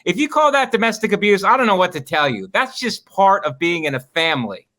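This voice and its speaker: A man's voice: high-pitched, big pitch swings, a little fast, pushed and bright. A man co-hosting a comedy podcast, riffing playfully and slipping into mock-stern bits. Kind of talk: casual comedy podcast banter.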